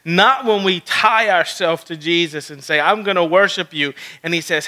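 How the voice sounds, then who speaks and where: A man's voice: sits high, normal speed, few pauses, sharp tone. A man preaching a sermon, acting out quoted lines as he teaches. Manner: preaching, acts out God's words in quoted asides. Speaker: pastor.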